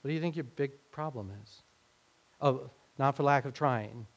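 A creaky-voiced male pastor of medium pitch preaches at a moderate pace. His sermon feels like conversation, and he performs quoted speech with mounting emphasis.

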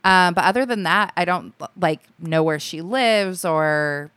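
Chatty young woman, smooth low voice. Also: a little slow, a bit bright, no room sound. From Alaska. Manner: chatty, laughs often, many likes and restarts. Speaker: podcast guest, comedy writer. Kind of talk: casual chat.

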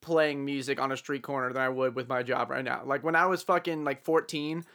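A man's voice: medium pitch, steady tone, a little fast, a bit bright. A young man hosting a podcast, chatting casually in a rambling, profane way and laughing often. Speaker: podcast host.

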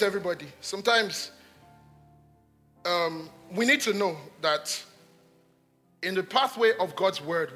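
A man preaching, his voice high and bright. He drives points home with repetition, rising to loud exhortation and then dropping to hushed asides. Soft music plays faintly underneath. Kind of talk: sermon.

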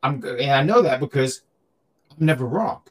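Chatting about wrestling, a male podcast co-host jokes around and repeats himself often in a casual, animated manner. His medium-pitched voice moves fairly quickly with lively intonation.

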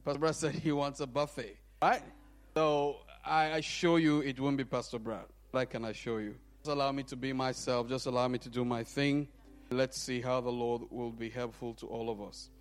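A man preaching as a guest in a church, humble and soft-spoken with halting fillers, then leading worship singing. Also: medium pitch, steady tone, clean tone. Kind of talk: sermon opening and worship singing. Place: church sanctuary.

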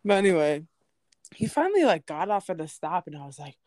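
A woman's voice: on the low side, very animated, fairly quick, darkish tone, no room sound, studio quality. A young woman telling a story in casual chat, laughing often and acting out the people she quotes. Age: young adult.

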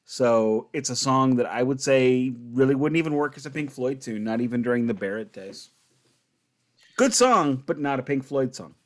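Man, podcast co-host, mid-pitched voice, enthusiastic, wry, halting. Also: lively intonation. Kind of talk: casual chat.

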